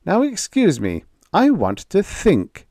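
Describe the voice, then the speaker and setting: A man voicing a thoughtful male alien disguised as an oak tree, calm and musing. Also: sits high, slow, no room sound, studio quality, pitched above the performer's own voice, exaggerated voice.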